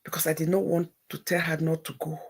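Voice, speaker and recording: Middle-aged woman host, husky gravelly voice, confessional storytelling with hushed and emotional swings. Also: deep voice, level tone, fast talker. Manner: shifts between hushed near-whispers and tearful outbursts. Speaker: livestream host.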